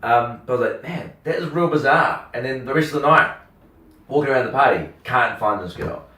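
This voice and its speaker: A man's voice: mid-range voice, a little fast. A young man, telling a rambling story in casual chat, packed with "like" and acted-out quotes. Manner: rambling, animated, full of "like" and quoted voices. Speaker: radio host telling a story. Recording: roomy, distant mic.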